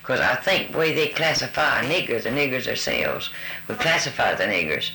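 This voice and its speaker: An older man answers a word-list interview in a folksy, easygoing manner, calling the interviewer honey. His mid-range voice is bright and forceful, with lively intonation, vocal fry and a slightly quick pace. The recording is roomy, with background hiss.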